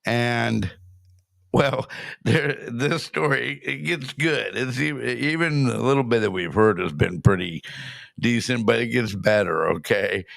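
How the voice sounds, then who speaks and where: Man, gravelly voice, lowish, casual commentary host, swears, dry close mic. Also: measured pace, fairly bright tone, no room sound. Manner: chatty, swears, explains the story to viewers. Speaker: host reacting to a clip.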